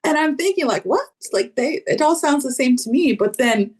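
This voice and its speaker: An American woman from the South who teaches English, talking in a casual interview with chatty fillers and lively acted-out quotes. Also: high-pitched, moderate pace. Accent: neutral American, faint Southern roots. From Southern United States.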